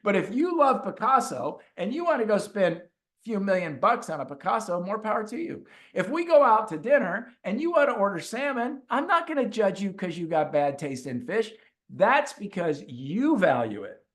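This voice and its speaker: A man speaking as a coach in a webinar, telling stories in an animated way and repeating points for emphasis. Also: sits high, normal speed. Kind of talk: webinar talk with storytelling.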